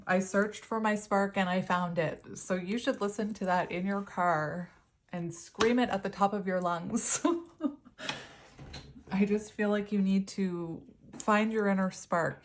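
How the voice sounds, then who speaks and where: A woman's voice: mid-range voice, fairly even intonation, unhurried, slight background noise. A woman giving a casual tarot reading to her viewers, chatty and openly emotional, laughing often between her phrases. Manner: openly emotional, voice close to tears at times. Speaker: tarot reader.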